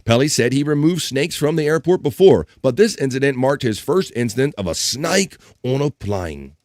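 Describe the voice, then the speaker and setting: A man hosts a laid-back live stream, cracking jokes as he reads out news articles and viewer comments. His voice sits at a mid pitch and the sound is dry and close, with no room echo. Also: lively intonation, normal speed, darkish tone. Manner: joking, reads chat comments and articles aloud, laughs often. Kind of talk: casual joking chat and reading news aloud.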